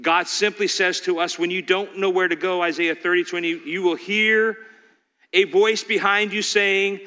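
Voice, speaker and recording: A man preaching a sermon, his voice high and bright. He fires off rhetorical questions and now and then acts out the voices of the people he talks about. The sound rings out with the long reverb of a hall. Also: steady tone, normal speed. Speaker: pastor.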